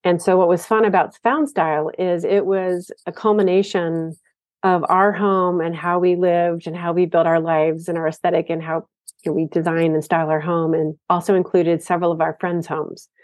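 A woman guest in an interview, telling stories about her design work in a lively, enthusiastic way. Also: lowish voice, moderate pace, no echo. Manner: storytelling, enthusiastic. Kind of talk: casual interview talk.

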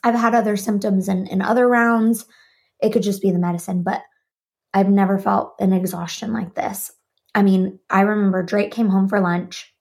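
Sitting at her home office desk, a podcast host tells a personal story and animatedly acts out remembered dialogue. Her mid-range voice has vocal fry, and she talks at normal speed.

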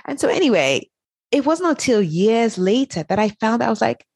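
Middle-aged woman, kinda husky, voice swings up and down a lot, tells her story like she's acting it out, dry close mic. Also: on the high side, normal speed, no room sound. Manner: animated, acts out dialogue in her stories. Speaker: guest, author. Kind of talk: candid conversational storytelling.

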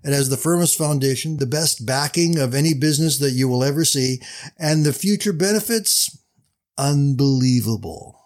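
A man's voice: mid-range voice, normal speed, darkish tone, natural voice. A man voicing a casual pastor who teases a businessman in a story. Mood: playful. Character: casual male pastor, playful and sly.

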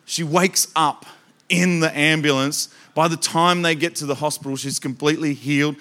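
A man preaching to a church congregation, telling animated stories that he acts out with loud bursts of emphasis. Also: fairly high pitch, brisk. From Australia. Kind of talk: storytelling sermon.

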